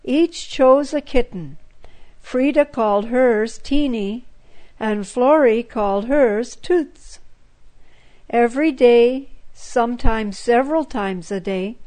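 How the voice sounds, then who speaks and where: A woman narrating a children's story in a gentle, measured way. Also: fairly high pitch, rough recording.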